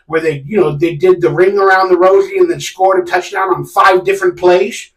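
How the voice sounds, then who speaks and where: A man's voice: sits high, fairly even intonation, normal speed, fairly bright tone, recorded from a distance. A man hosting a sports fan live stream, ranting casually and animatedly with sarcastic, exasperated outbursts. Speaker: sports fan channel host. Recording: echoey room, a bit off mic.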